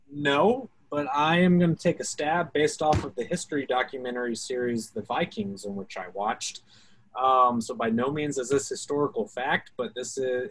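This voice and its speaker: A man's voice: medium pitch, husky, low-quality recording. A man from Alabama with a Southern accent, a Coast Guard expert answering questions on a video call in a loose, step-by-step way, often hedging his answers. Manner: explanatory, self-hedging, talks through steps. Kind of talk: informal technical Q&A talk.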